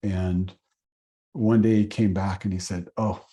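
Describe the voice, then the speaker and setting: A man from Oregon teaching an acupuncture course, telling a patient story in an earnest way and pausing often with fillers. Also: low voice, flat delivery, dark tone, dull audio. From Oregon, USA. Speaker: acupuncture instructor. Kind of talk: storytelling lecture.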